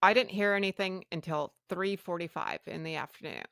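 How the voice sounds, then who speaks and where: A woman with a lowish, gravelly voice hosts her own podcast. She tells her story candidly and bluntly, playing out each exchange of dialogue. The sound is dry and close, with no room around her. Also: brisk, fairly bright tone, dry recording. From Canada. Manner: blunt, frank, acts out quoted dialogue. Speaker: podcast host.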